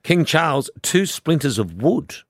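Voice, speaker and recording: A man's voice: on the high side, unhurried, no echo, clean studio sound. An Australian man hosting breakfast radio, joking and laughing through casual banter. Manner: jokey, laughing, animated. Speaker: radio host.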